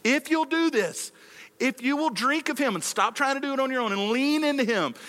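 A man's voice: extremely high pitch, brisk, sharp tone. A male pastor preaching a sermon on a microphone in a large church hall, with passionate delivery and lots of rhetorical repetition.

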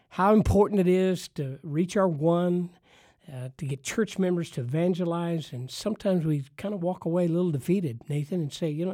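Male ministry podcast host, slightly high voice, emphatic and preacherly. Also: mellow, dry recording, clean studio sound. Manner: emphatic, preacherly, punchy repetition. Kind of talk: enthusiastic ministry podcast talk.

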